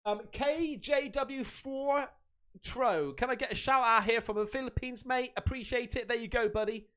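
A man hosting a casual livestream, excitable and slangy, reading out chat and donations. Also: very high voice, normal speed. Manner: excitable, slangy, swearing, laughs a lot. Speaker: livestream host. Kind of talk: casual live-stream chat.

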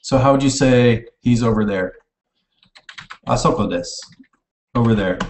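A man teaches in an easy, casual way, stopping now and then to correct himself. His voice sits at a middling pitch. He sounds a little distant from the mic in a roomy, echoing space, with keyboard typing behind him. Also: a little fast, a little mellow, slight background noise. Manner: casual, self-correcting, types while explaining. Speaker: online language teacher. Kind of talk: informal recorded lecture. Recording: echoey room, mic at a distance.

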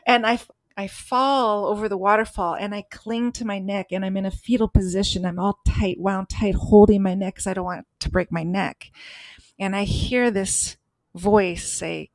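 A woman's voice: medium pitch, steady tone, normal speed, dry recording. A woman co-hosting a podcast, telling a personal story in an earnest, emphatic way. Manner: earnest, emphatic, acts out voices in stories. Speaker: podcast co-host.

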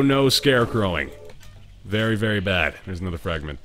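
A man hosting a let's-play video, commenting as he plays; excitable, dropping from quiet muttering to sudden loud yelps and laughter. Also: on the low side, normal speed. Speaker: gaming video host.

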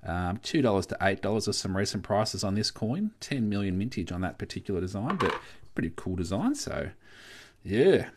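A young Australian man with a somewhat low voice talks through a live stream in an easygoing, chatty way. He reads out viewer comments and answers them casually. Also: very animated, moderate pace, noisy background. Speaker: coin collecting livestream host.

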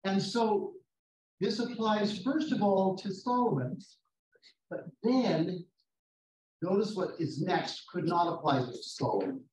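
A man teaches a Bible class in a somewhat high voice, pausing over scripture verses and putting questions to the group. He is picked up from a distance in a reverberant room. A faint hiss sits under his voice. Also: animated, darkish tone. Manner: reads scripture aloud slowly, questions the class. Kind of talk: interactive Bible study lesson. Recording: roomy, distant mic, faint noise.

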